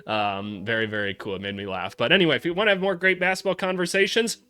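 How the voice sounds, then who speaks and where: A man's voice: medium pitch, little pitch movement, fast talker, bright, forceful tone. A man, a former college coach, hosting a casual basketball vlog in a loose, rambling, joking way with some swearing.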